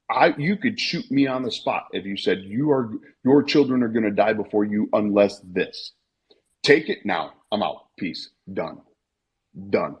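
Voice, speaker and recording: A man in his thirties with a low, husky voice talks bluntly over a live online call, swearing freely and circling back over his own words. The audio is dull and lo-fi. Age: 30s. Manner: blunt and profane, repeats himself. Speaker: Twitter Spaces speaker. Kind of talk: emotional personal talk.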